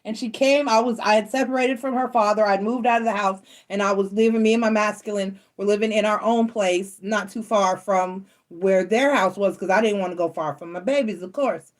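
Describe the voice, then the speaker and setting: A woman's voice: medium pitch, fairly quick, few pauses. A middle-aged woman hosting a casual chat from home, telling stories bluntly and acting out the voices of the people in them. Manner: animated, blunt, swears casually, acts out quoted voices. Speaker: tarot reader and channel host.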